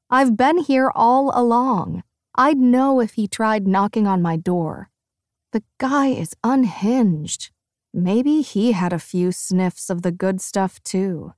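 Woman narrating an audiobook, unhurried. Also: medium pitch, a little mellow, dry recording, studio quality. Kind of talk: first-person audiobook narration.

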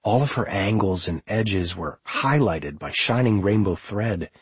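A man giving a calm, measured audiobook narration of a novel. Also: lowish voice, husky, no room sound.

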